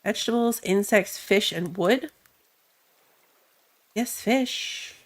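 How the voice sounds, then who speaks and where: Speaking slowly in a mid-range voice, a gamer with a nose stuffy from allergies narrates a casual let's-play against game music. She reasons out loud, reads the on-screen text and chuckles at her own moves.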